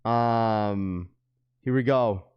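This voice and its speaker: Excitable young man livestreaming to chat. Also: lowish voice, drawn-out words, smooth, dull audio. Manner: excitable, slangy, keeps repeating himself to chat. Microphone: webcam setup.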